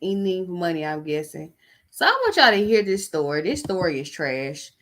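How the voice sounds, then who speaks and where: A woman's voice: lowish voice, very animated, a little fast, fairly bright tone. A woman podcast host, reading posts aloud and giving blunt, sarcastic gossip commentary in a casual way.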